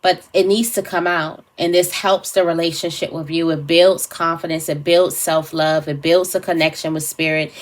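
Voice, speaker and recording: A woman giving a casual tarot reading to camera, thinking aloud with fillers and restarts. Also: fairly low pitch. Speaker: tarot reader.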